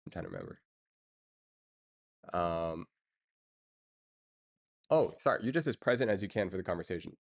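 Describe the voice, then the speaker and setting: A man's voice: deep voice, lively intonation, normal speed, creaky, pauses often. A man streaming and chatting casually with his viewers, rambling with lots of fillers and chuckles. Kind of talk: casual chat.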